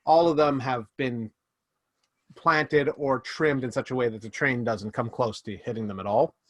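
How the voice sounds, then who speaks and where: Guy gm narrating the scene, mid pitch, dry close sound. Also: no echo. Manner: descriptive, with quick restarts and fillers. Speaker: game master. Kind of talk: narrating a tabletop game.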